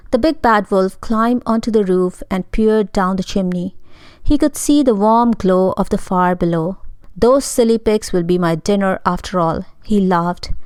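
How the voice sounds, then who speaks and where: Clear, expressive woman storyteller. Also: medium pitch, dry recording. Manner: expressive, dramatic. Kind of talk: scripted storybook narration.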